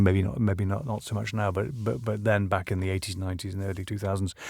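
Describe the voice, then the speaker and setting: Older man, from Northern Ireland, low voice, dry close mic, measured and articulate. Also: a little mellow, no room sound. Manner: articulate, measured, with occasional restarts. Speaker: voiceover artist, guest. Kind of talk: reflective interview conversation.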